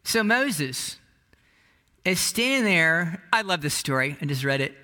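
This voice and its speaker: A male pastor with a high voice preaches in a chatty, lively storytelling manner. His tone is bright and forward, and he often stops mid-sentence to restart. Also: moderate pace. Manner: conversational, animated storytelling with many restarts. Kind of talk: sermon.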